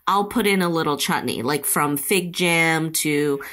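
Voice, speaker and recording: A woman chef chats on a cooking podcast in a relaxed, filler-heavy way. Her voice is on the low side yet bright and sharp. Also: measured pace. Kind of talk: casual chat.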